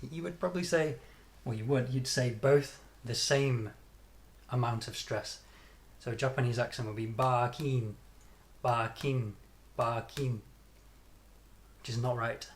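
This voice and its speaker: A man with a British accent teaching English pronunciation, modelling sounds and stress patterns by repeating them deliberately. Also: mid-range voice. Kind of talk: pronunciation lesson.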